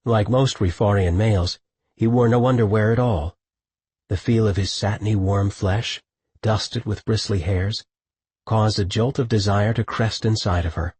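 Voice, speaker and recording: Husky, low male audiobook narrator. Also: fairly even intonation, normal speed, a little mellow, dry recording.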